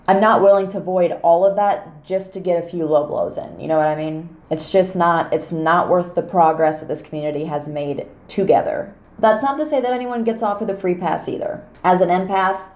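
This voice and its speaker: Firm, dark-toned woman giving commentary. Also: fairly low pitch, reverberant. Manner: measured, firm, pointed, with swearing. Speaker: commentary YouTuber. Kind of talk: scripted commentary monologue.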